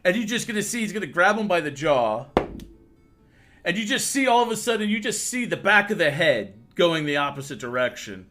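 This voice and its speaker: A man's voice: high voice, sing-song, pushed and bright, faint music behind. Laughing man running a tabletop game. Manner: quick, laughing, stumbling narration. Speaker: game master. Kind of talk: narrating a tabletop game on a livestream.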